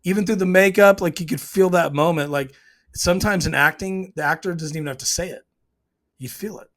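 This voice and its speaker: A man's voice: sits high, fairly quick, fairly bright tone. A man casually breaking down a TV scene, emotional and hesitant, restarting his sentences often. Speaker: show reviewer.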